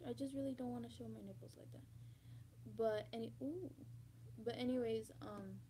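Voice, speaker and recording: A young woman with a high, light voice talks straight to her viewers in a loose, rambling confessional vlog. She swears casually and now and then drives a point home with loud, insistent repetition. A faint hiss sits under the recording. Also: moderate pace. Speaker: vlogger.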